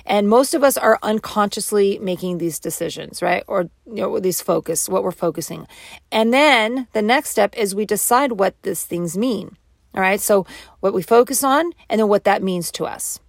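Woman, self-help coach, motivational talk, animated, acts out voices, mid pitch, dry close sound. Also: normal speed, creaky, no room sound.

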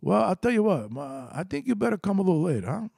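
A man voicing a tough, protective older father with broken grammar and a blunt, menacing calm. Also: mid-range voice, a little fast, no echo, clean studio sound, natural voice.

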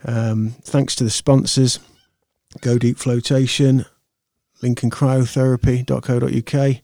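A man closes out his podcast in a loose, rambling chat full of ums and false starts. His voice is mellow and fairly flat in pitch, recorded dry and close on a podcast mic. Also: measured pace, gravelly, no echo. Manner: rambling, chatty, loose, many fillers and restarts. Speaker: podcast host. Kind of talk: casual podcast sign-off. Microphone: podcast microphone.

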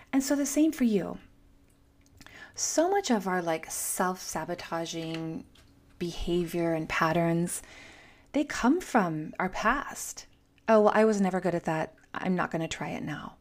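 A woman's voice: mid-range voice, a little mellow. A middle-aged woman hosting a show, speaking earnestly and directly to the listener in a motivational monologue. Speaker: podcast host.

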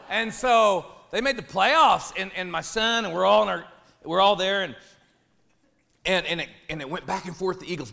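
A man, a pastor telling a funny personal story in a sermon, animated and jokey, dropping low then shouting. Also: gravelly.

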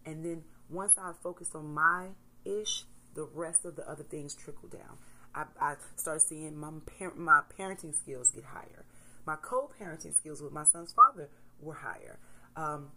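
A woman in her thirties, a mother, talking candidly to camera in a casual motivational vlog, swinging between soft reflection and loud emphasis. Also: sits low, normal speed, rough recording. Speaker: vlogger, mother.

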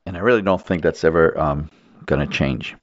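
A man's voice: extremely low pitch, fairly quick. A man hosting a talk show interview, asking blunt, provocative questions. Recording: dull lo-fi audio.

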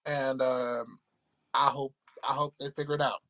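A man co-hosting a casual podcast, talking in a measured, reflective way and often checking in with "right?". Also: medium pitch, little pitch movement, a bit bright. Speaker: podcast co-host. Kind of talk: casual chat.

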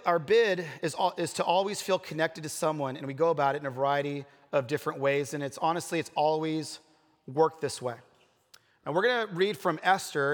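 Man, pastor, conversational sermon, earnest, rambling restarts, long hall reverb. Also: on the high side. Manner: casual, earnest storytelling with frequent fillers and restarts. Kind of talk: conversational sermon with personal stories.

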